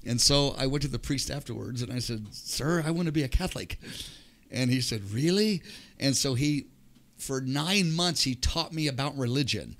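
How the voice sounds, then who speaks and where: A man's voice: mid-range voice, moderate pace, fairly bright tone. An older man, a podcast guest, telling his personal testimony with animation and acting out the voices of people in the story.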